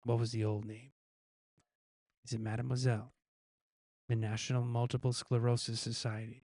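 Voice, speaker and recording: A man's voice: medium pitch, level tone, normal speed, mellow, dry recording. A male host casually reading out news quiz questions, guessing the answers himself and chuckling at his own gag options.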